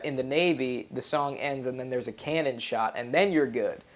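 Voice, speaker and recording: A man in his thirties in casual chat, telling behind-the-scenes stories in an animated way and acting out quotes. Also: medium pitch, normal speed. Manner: animated storyteller, acts out quotes loudly.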